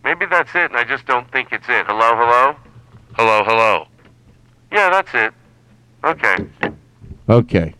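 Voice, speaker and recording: Rambling comedian riffing solo. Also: male voice, medium pitch, very animated, unhurried, pauses often, pushed and bright, smooth, no room sound, poor audio. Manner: scattered, riffing, restarts and bursts of silly bits. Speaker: podcast host. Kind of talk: rambling comedy podcast monologue. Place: barn studio.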